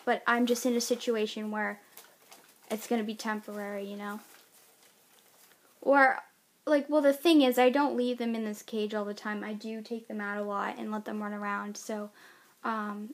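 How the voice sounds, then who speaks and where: A woman with a childlike-sounding voice, chatting casually in a rambling way in a pet vlog at home, now and then scolding her pets. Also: a little high. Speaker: pet owner vlogger.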